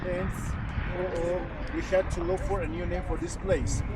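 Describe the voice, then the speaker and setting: Distant tour guide. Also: male voice, high-pitched, little pitch movement. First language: Spanish. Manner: slow, broken explanatory English. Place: outdoors at ruins. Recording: distant voice with loud outdoor noise.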